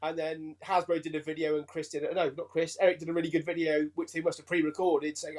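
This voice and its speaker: A man with an English accent, a chatty and excitable guest on a fan show. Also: on the high side, fast talker, hardly any pauses. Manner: chatty and excitable, laughs easily. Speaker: guest reviewer. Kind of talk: casual fan chat.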